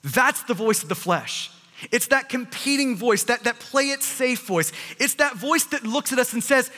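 A man preaching a sermon, animated, often repeating words as he presses a point. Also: very high-pitched, moderate pace, big-room sound. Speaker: pastor.

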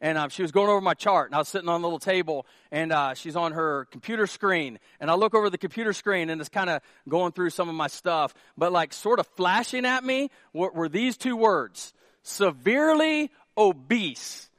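A man preaching a sermon as pastor, animated and jokey, with lots of repeated starts. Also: high-pitched, fairly quick, few pauses, no room sound, clean studio sound.

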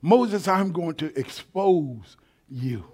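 Male preacher, high voice, animated and colloquial, quiet asides to shouting. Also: slow pace, husky. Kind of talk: sermon.

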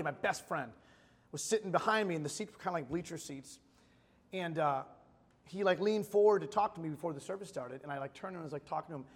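Brief: man, 30s, pastor, loose storytelling sermon, repeats lines for weight, high voice, echoing sanctuary. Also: slightly rough. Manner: casual, storytelling, repeats phrases for emphasis. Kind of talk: conversational sermon. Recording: long hall reverb.

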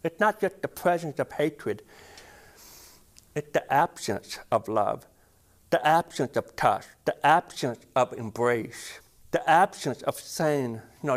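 A man's voice: medium pitch, lively intonation, takes it slowly. A man preaching a sermon as pastor, impassioned, repeating words and rising to emphatic peaks.

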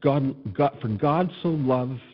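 A middle-aged male pastor preaching a sermon, telling personal stories with self-deprecating laughs and swinging between loud emphasis and soft, tender passages. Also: mid-range voice, slow pace, dull audio.

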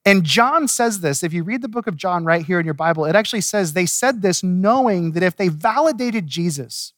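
High-voiced man preaching a sermon. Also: moderate pace, dry recording, clean studio sound. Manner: lively storytelling, chuckling at the text. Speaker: pastor. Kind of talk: expository sermon.

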